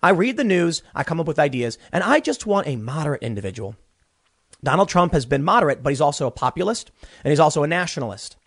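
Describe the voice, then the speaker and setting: A man's voice: a little high, very animated, quick pace, breathy edge, dry recording. A young man hosting a political commentary show from a small closet studio, ranting animatedly and stammering through repeated words. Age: young adult.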